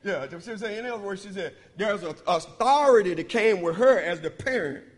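A man with a high voice preaches with emphatic call-and-response, jumping from loud declarations to quiet, confiding asides. His voice rings out in a church sanctuary with a long, trailing reverb. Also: animated, fairly quick. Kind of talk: sermon.

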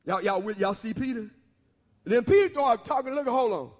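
High-voiced preacher in a reverberant church. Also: male voice, brisk. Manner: colloquial, animated, teasing the congregation. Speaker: pastor. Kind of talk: sermon. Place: church sanctuary. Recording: long hall reverb.

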